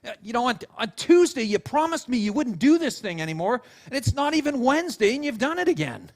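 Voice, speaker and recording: A man's voice: very high voice, big pitch swings, fairly quick, voice pushed up, exaggerated voice. A man voicing Jesus as he imagines him, speaking in a pleading way with many restarts. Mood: exasperated. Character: exasperated then tender male Jesus, imagined.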